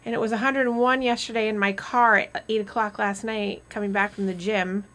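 A woman's voice: medium pitch, steady tone, brisk, a bit bright. A woman hosting a casual live stream, chatty and rambling, often laughing.

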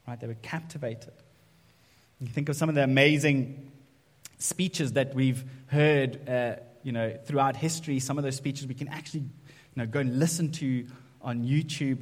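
Man preaching in an echoey church. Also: medium pitch. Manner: conversational, keeps asking "right?". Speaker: pastor. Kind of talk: sermon. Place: church sanctuary. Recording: echoey church hall reverb.

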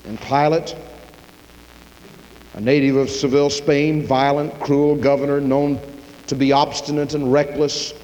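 A man preaching a sermon, retelling the story dramatically, dropping low and quiet, then rising loud. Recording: long reverb of a large hall.

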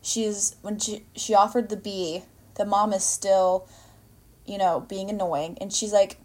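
A woman's voice: mid-range voice, level tone, measured pace, darkish tone. A young woman hosting a solo podcast, chatting casually and rambling, with many fillers and self-corrections while she acts out quoted lines. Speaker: podcast host. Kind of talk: casual solo podcast chat about a movie.

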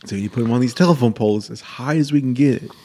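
A man's voice: mid-range voice, fast talker, a little mellow, breathy edge. A man in casual comedic chat, spinning absurd hypotheticals and laughing between lines.

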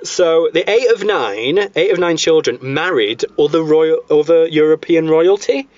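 A man's voice: fairly high pitch, unhurried, darkish tone, dry recording. A man hosting a casual podcast, telling history in a rambling way with many fillers and restarts, on a dull lo-fi recording. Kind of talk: casual chat. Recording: dull lo-fi sound.

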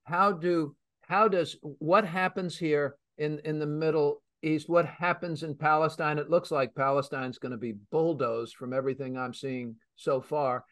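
A man hosting a radio talk show, telling stories emphatically with many pauses and fillers. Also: fairly high pitch, fairly even intonation, fairly bright tone, dry recording, clean studio sound. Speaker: host.

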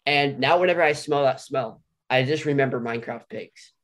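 A young man co-hosting a casual podcast, excitable and quick to jump in. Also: medium pitch. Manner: excitable, interrupting, nostalgic. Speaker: podcast co-host.

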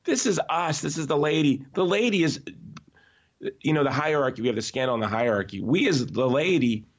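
A man talking as a podcast guest in an emphatic, animated way, often restarting his sentences. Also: on the high side, fairly quick. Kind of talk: conversational podcast interview. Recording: slightly dull, lo-fi audio.

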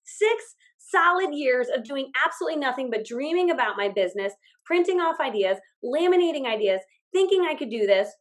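A woman with a notably high voice, chatting as a podcast guest. She tells her stories with lots of energy, slipping into little acted-out bits of her own past dialogue. She laughs readily and strings her thoughts together with plenty of "like"s. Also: big pitch swings. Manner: quick run-on delivery with many fillers. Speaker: guest, business owner. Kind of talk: casual interview storytelling.

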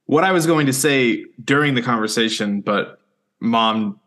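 Young man, podcast co-host, casual chat, joking and deadpan, ordinary mid voice. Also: medium pitch, measured pace. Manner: joking, deadpan jabs, laughs often.

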